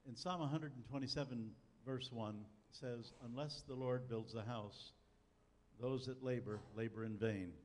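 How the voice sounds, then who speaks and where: A man's voice: medium pitch, measured pace, a little hiss or hum. An older man preaching a sermon, telling a personal story in a folksy way with dry humor. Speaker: pastor. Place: church sanctuary. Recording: long church hall reverb, faint ambience.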